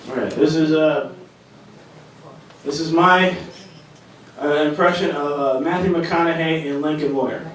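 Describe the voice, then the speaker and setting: A man's voice: fairly high pitch, steady tone, a little slow, pauses often, fairly bright tone. A man doing a rambling, self-deprecating stand-up set, stumbling and restarting as he goes. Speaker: stand-up comedian. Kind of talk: open-mic stand-up set. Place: comedy club stage. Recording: echoey club sound from far off.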